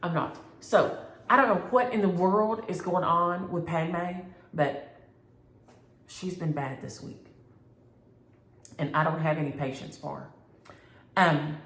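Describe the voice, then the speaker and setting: A middle-aged woman, chatting casually as a cross-stitch vlogger, animated and playfully exaggerating as she answers viewers from home. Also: fairly low pitch, a little slow, long pauses, roomy sound. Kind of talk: casual chat reading viewer comments.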